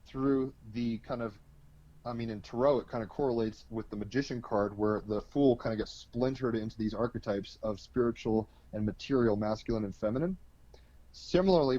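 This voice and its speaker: This is casual, explanatory interview talk: a male guest walks through astrology loosely, with lots of fillers and a swear word here and there. He has a mellow, medium-pitched voice, and the audio sounds dull.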